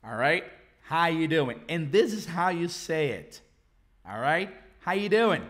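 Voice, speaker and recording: Slow-talking Brazilian man teaching English. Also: a little high, expressive, a bit bright. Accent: Brazilian Portuguese. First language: Portuguese. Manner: repeats phrases slowly, mixes in Portuguese explanations. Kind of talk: live online English lesson.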